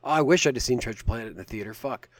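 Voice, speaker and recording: A man in his thirties co-hosting a podcast in casual chat, animated and teasing, swearing now and then. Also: mid-range voice, very fast, no echo. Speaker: podcast co-host.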